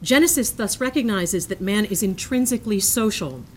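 Woman reading a lecture, earnest and measured. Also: mid-range voice, expressive, a little hiss or hum. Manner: measured and earnest, breaking into self-amused asides. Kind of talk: reading a prepared lecture aloud.

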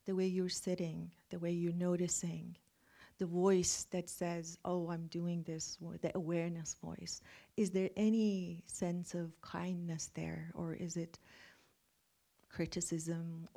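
A middle-aged woman leading a guided meditation, speaking gently and often slipping into breathy half-whispers. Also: on the low side. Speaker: meditation teacher.

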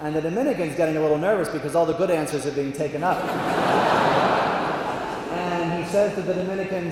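A man's voice: fairly high pitch, noisy background. Man telling a joke in an echoey hall. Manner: animated, slows down for punchlines. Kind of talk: storytelling a long joke to an audience. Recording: echoey hall, faint ambience.

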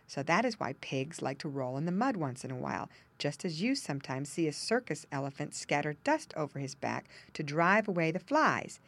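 A woman narrating a children's storybook, with gentle asides explaining things to young listeners. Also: deep voice, big pitch swings, normal speed, hardly any pauses. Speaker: audiobook narrator.

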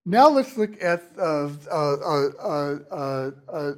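A man giving a university lecture in class, talking in a halting way with many restarts and fillers. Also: a little high, very animated. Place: lecture hall.

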